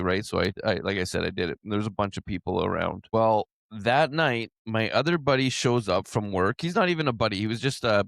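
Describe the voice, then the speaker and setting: A man hosting a podcast, talking casually and telling an animated story, often saying "man" and "like". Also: on the low side, a little fast, gravelly, few pauses, no echo. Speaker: podcast host.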